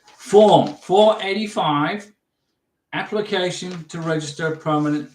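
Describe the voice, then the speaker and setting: Chatty high-voiced man on a livestream. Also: slow, darkish tone, slight background noise. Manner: chatty, repeats himself, emphatic instructions. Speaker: livestream host answering viewer questions. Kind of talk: casual livestream Q&A. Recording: roomy echo, distant from the mic.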